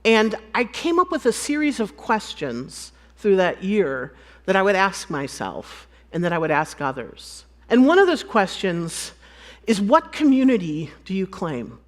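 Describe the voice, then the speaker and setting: A woman from the United States giving a storytelling conference talk, acting out bits of dialogue and laughing often. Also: medium pitch. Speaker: conference speaker.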